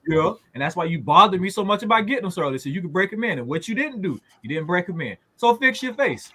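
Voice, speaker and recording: A man's voice: high voice, expressive, rapid-fire, bright, forceful tone, breathy edge. A man co-hosting a casual family talk show, telling stories animatedly and acting out both sides of a conversation. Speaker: podcast co-host. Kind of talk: casual chat.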